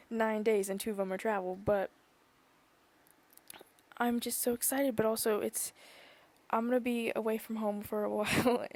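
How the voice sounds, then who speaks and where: A woman's voice: on the high side, darkish tone. A young woman chatting casually on her own podcast, rambling and gushing with many fillers, sometimes dropping to a whisper. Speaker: podcast vlogger. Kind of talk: casual chat.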